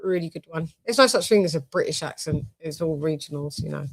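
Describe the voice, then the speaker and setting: A woman's voice: sits low, fairly quick. A young woman from the UK hosting a casual live-stream boxing show, loose and jokey, swearing and drifting between topics. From United Kingdom.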